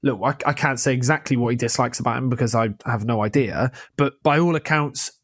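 A man's voice: mid-range voice, slightly rough, dry recording, clean studio sound. A young man, chatting about football as a podcast co-host, passionate and tumbling over his own words. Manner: passionate, rapid, many restarts. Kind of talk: casual football chat.

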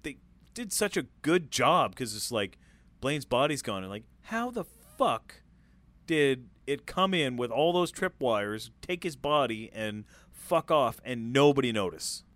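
A man's voice: medium pitch, a little slow, no echo. A man chats enthusiastically about a film, swearing freely. His voice swings widely up and down as he tells scenes. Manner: enthusiastic, profane, animated storytelling. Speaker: podcast co-host. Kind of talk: casual film chat.

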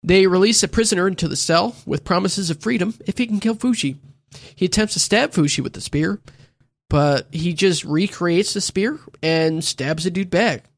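A man's voice: high-pitched, moderate pace, no echo. A man casually recapping a show to friends, crude and laid-back, often mimicking lines from it. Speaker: podcast co-host recapping an anime.

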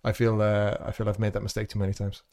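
An Irish man hosting a podcast, chatting casually and joking with his co-host in lively banter. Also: on the low side, quick pace.

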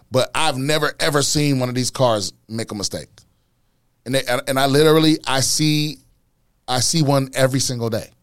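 A man's voice: medium pitch, clean tone, dry recording. Comedian dude on his podcast, swears a lot, gets fired up, dead dry room sound. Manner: profane, animated, repeats words when worked up. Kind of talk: casual podcast rant.

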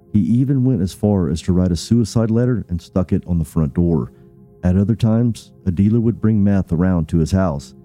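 A male podcast host who delivers scripted narration and asks interview questions in a measured way. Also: low-pitched, dark tone.

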